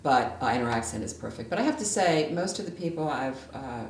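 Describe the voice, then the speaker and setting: A woman with a very deep voice talks through a relaxed interview, telling stories and often restarting her sentences. She sits back from the mic in an echoey room with a faint hiss. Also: brisk, recorded from a distance. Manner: chatty, storytelling, frequent restarts. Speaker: interview guest, former judge. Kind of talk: casual conversational interview. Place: library room.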